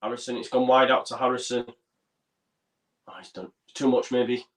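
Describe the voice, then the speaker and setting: A man's voice: mid-range voice, flat delivery, normal speed. A man co-hosting a football fan watchalong, chatting casually and calling the play as it happens. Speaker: co-host of a fan watchalong stream. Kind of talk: casual live match chat with commentary. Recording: roomy echo.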